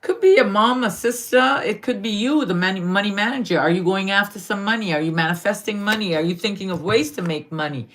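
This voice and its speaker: A woman from Guyana speaks in a mid-range, slightly bright voice as she does astrology readings for live stream viewers. She is slow and drawn-out, fondly calling them darling.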